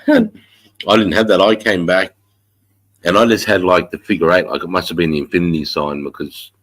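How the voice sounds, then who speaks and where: A man hosting a casual livestream chat, stuffed up from a head cold, swearing freely and clearing his throat often. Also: low-pitched, fairly even intonation, fairly quick, fairly bright tone, no room sound, poor audio. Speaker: livestream host.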